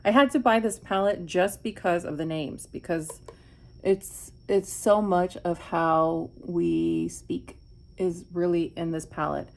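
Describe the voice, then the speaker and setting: A middle-aged woman from Miami chats unhurriedly while doing her makeup at home. Her voice sits low with a gravelly fry, and she muses out loud, often restarting her sentences. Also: fairly even intonation, slow. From Miami, USA. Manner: reflective, rambling, frequent restarts. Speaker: beauty vlogger. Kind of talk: chatty get-ready-with-me vlog.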